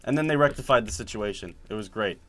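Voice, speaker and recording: A man telling a story in casual chat while playing a game, animated and laughing as he acts out quotes. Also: on the low side, fast. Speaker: gaming video host. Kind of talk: casual storytelling over gameplay.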